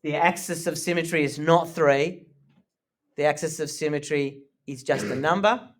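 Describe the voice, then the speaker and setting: A male maths teacher gives a live lesson to his class. His voice sits a little high, and he keeps things casual and joking. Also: normal speed.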